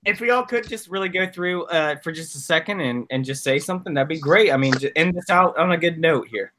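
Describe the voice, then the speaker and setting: A man's voice: a little high, a little fast, bright, forceful tone. A man on a casual online panel, speaking earnestly and at length. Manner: earnest, heartfelt, rambling. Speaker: panel guest.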